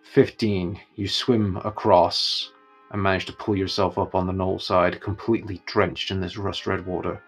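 A man narrating a tabletop game as its game master, in a relaxed, chuckling way. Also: sits low, moderate pace, vocal fry, husky, faint music behind.

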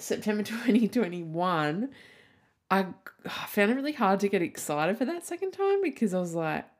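A woman's voice: medium pitch, big pitch swings, moderate pace. A woman in her thirties hosting a solo podcast, rambling candidly with lots of "like" and the odd swear word. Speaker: podcast host. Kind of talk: casual solo podcast chat.

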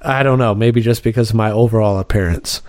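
A man's voice: lowish voice, fairly quick, darkish tone, no room sound, studio quality. A man hosting a podcast, chatting casually and telling a story bluntly with plenty of swearing. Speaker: podcast host. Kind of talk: casual chat.

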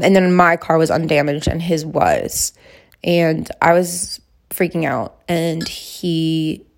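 A young woman in her twenties chatting casually as she answers question prompts, rambling with lots of fillers. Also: on the low side. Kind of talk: casual chat.

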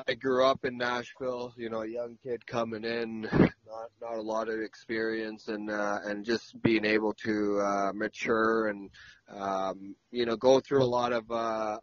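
A man's voice: on the low side, no room sound. A man with a stuffy, nasal voice from a cold, giving easygoing, rambling answers as an interview guest over the phone. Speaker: interview guest, former pro athlete. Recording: dull, dry phone call.

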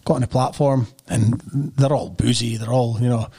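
Husky Scottish man telling a story. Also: medium pitch, moderate pace. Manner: animated storytelling, laughs often, acts out quotes. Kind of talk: casual anecdote chat.

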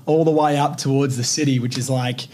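A man's voice: mid-range voice, a little fast, slight background noise. A man with an Australian accent, hosting a podcast and telling a personal story, swearing freely and acting out the voices in his quotes. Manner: animated, profane, acts out quotes. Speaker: podcast host.

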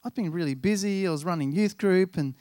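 A pastor in his thirties delivers a sermon full of personal stories, chatty and self-deprecating, acting out snippets of dialogue along the way. His voice sits high with a dark tone, a slightly fast pace, and no room sound.

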